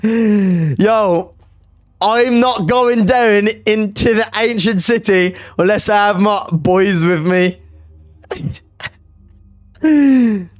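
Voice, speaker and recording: High-pitched streamer, slow drawl. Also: male voice, no echo, studio quality. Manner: panicky, yelling, repeating himself, swearing. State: sore throat. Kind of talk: live gaming stream commentary. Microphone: streaming mic.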